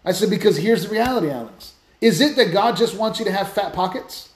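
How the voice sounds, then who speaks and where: Animated high-voiced man telling stories. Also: fairly quick, echoey room. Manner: animated storytelling with many restarts. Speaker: podcast host, Christian speaker. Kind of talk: casual faith talk.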